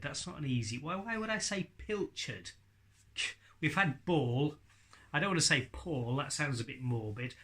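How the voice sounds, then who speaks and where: A man's voice: a little high, pushed and bright. A man teaching ventriloquism in a casual video lesson, chatty and laughing often as he demonstrates sounds.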